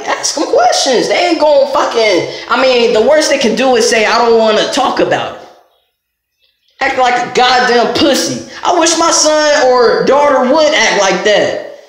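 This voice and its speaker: A very high-pitched man goes off in a blunt, profanity-laced rant straight to camera. His voice bounces around a strongly echoing room. He sounds confrontational and fed up, and he speaks his mind without holding anything back. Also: a bit bright. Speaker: vlogger. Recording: very echoey room.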